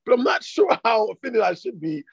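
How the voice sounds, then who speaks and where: A man co-hosting a podcast in casual chat, telling stories in a profane, animated way. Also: high-pitched, brisk, gravelly, slightly rough, dull audio. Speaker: podcast co-host.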